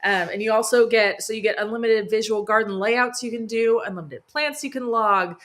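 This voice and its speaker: A woman's voice: a little high, normal speed, a bit bright. A woman hosting a live gardening stream from her home, chatting enthusiastically with lots of fillers and laughs. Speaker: gardening host. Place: home near a sunroom.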